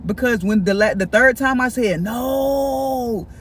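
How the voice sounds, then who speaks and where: A man chatting in a casual storytime vlog, animated and gossipy, talking straight to his viewers. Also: high voice, a little fast, a little hiss or hum. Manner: animated, gossipy, keeps addressing viewers directly. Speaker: vlogger. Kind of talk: casual storytime while eating.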